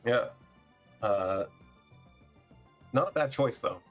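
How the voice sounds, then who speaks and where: With faint music playing behind him, a man with a mid-range voice narrates slowly as game master. His scene description is laid-back and halting, full of ums.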